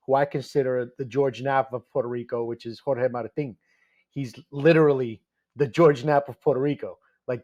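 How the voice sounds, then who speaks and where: A man chatting casually in an interview, excitable and laughing often, with many fillers. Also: medium pitch. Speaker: guest researcher. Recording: dull lo-fi sound.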